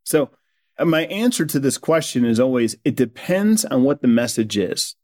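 A man who is a company co-founder, speaking as a guest on a podcast in an energetic, persuasive way. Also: mid-range voice, normal speed. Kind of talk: podcast conversation.

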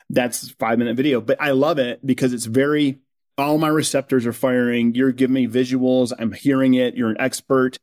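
Podcast guest guy, middle pitch, energetic and persuasive, just chatting. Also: brisk. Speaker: guest, company co-founder. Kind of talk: podcast conversation.

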